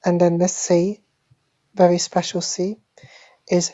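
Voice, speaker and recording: A woman giving a deadpan parody language lesson, speaking slowly and deliberately and repeating each word like a teacher. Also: on the low side, no echo. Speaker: mock French teacher. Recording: dull lo-fi phone screen recording.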